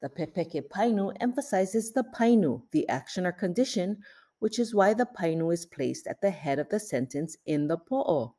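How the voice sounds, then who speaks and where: A woman teaching a scripted video language lesson, explaining grammar clearly and pronouncing terms carefully. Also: lowish voice, expressive, moderate pace, warm tone.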